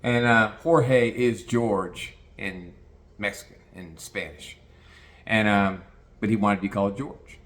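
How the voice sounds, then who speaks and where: A man's voice: fairly low pitch, slow pace, fairly bright tone. A man telling a rambling, profane anecdote in a casual conversational way. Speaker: storyteller.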